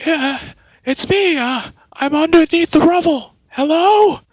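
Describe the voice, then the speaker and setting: A man voicing a young boy trapped under rubble, shouting frantically for help. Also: extremely high pitch, takes it slowly, no room sound, pitched above the performer's own voice. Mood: pleading.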